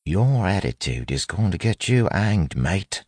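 A man voicing a sly male lawman posing as a thug, speaking low and soft with a quiet threat. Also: sing-song, measured pace, slightly rough, dry recording, exaggerated voice. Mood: pressing.

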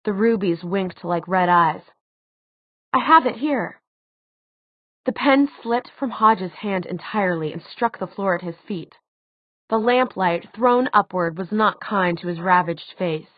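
A woman reading a novel aloud as an audiobook narrator, steady and expressive. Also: fairly low pitch, unhurried, dry recording. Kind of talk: scripted narration. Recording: tinny phone-like dry sound.

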